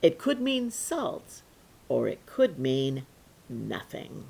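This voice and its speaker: A woman storyteller telling a folk tale to children in an animated, playful way, with sudden hushes and leaps in pitch. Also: takes it slowly, creaky, breathy edge.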